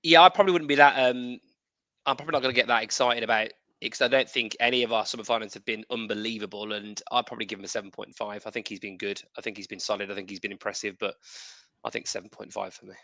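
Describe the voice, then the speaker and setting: A man's voice: lowish voice, fairly even intonation, quick pace, pushed and bright, dry recording. A man co-hosting a casual football podcast, talking in emphatic, repeated phrases. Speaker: podcast co-host.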